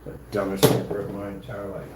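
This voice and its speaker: A man's voice: on the low side, completely flat delivery, fast talker, very noisy. A man giving casual, taunting livestream commentary, full of sing-song mockery. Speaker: channel host.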